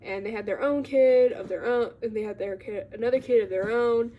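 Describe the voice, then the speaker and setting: Chatting casually to her viewers, a young book vlogger summarizes a book in a meandering way, peppering it with fillers and little giggles. Her voice is slightly high, her delivery brisk, and the recording sounds muffled.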